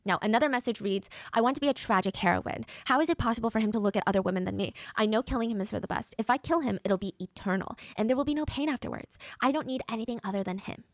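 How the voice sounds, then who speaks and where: True crime narrator: woman, quick delivery, dry close-miked sound. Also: fairly high pitch, dry recording. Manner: fast, dramatic, conversational retelling.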